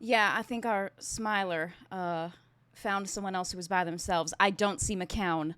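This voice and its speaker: A woman playing a tabletop game, brisk and earnest, laughing easily. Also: mid-range voice, steady tone, fairly bright tone, dry recording. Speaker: player.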